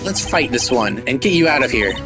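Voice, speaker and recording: A man's voice: mid-range voice, sing-song, fairly quick, lightly acted. A man voicing an earnest, determined young male defense lawyer in inner monologue, over game music. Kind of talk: voice acting a game playthrough.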